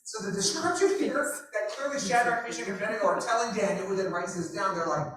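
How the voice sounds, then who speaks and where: A man teaching a small group through a Bible passage, animated, asking questions and acting out the people in the story. He sounds distant from the mic in a very echoey room, with faint hiss underneath. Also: high voice, quick pace, hardly any pauses. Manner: animated, asks the group questions, acts out the king.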